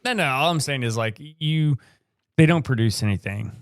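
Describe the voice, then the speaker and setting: A man's voice: mid-range voice, lively intonation, normal speed, no room sound, clean studio sound. An American man co-hosting a live podcast, rambling through opinions with casual swearing. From United States. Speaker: podcast co-host.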